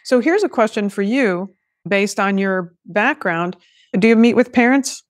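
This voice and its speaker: A woman's voice: medium pitch, lively intonation, measured pace, dry recording. A woman hosting a podcast, talking in a chatty way with joking asides. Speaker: podcast host. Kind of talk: casual podcast conversation.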